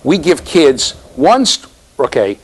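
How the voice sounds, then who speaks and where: A man's voice: fairly high pitch, big pitch swings, slow, slightly rough, rough recording. A man giving a university classroom lecture, teasing students and checking in with "right?".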